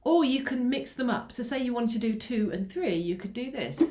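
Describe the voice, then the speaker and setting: A woman's voice: fairly high pitch, animated, normal speed, over loud music. Patient woman teaching ukulele. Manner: patient, counts beats aloud while strumming. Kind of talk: online music lesson. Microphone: mic close by, teacher moves nearer. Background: ukulele strumming.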